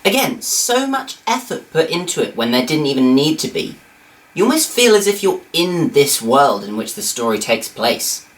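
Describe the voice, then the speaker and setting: A woman's voice: deep voice, very animated, moderate pace. A woman giving comedic review commentary with sarcastic, incredulous asides.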